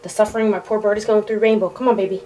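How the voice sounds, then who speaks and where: A woman's voice: medium pitch, fairly even intonation, mellow. Distressed woman close to tears. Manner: distressed, tender, halting, with sighs and restarts. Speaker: pet owner filming her bird. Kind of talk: emotional home video complaint.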